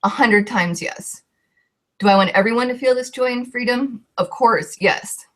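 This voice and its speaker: A woman's voice: on the high side, moderate pace. A young woman, a coach, telling her personal story with heartfelt emotion and a voice that shakes at times.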